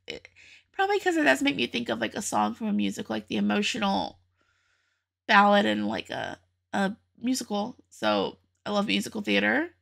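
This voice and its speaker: Chatty young woman with a gravelly edge. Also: a little high, fairly bright tone. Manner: chatty, emotional, laughs often. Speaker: reaction video host. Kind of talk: casual reaction commentary.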